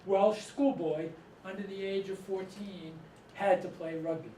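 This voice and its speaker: An author and storyteller from Massachusetts, middle-aged, tells rambling stories to a live audience in a high, steady, mellow voice at a slightly slow pace, chuckling often. The recording comes from a distant mic in an echoey room and is noisy.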